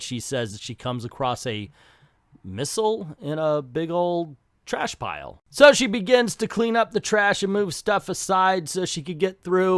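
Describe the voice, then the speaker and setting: Man, comic book review host, chatty and enthusiastic, slightly high voice, dry close recording. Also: big pitch swings, unhurried, a bit bright, no room sound. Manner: chatty and enthusiastic, with asides and restarts. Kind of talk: casual comic book commentary.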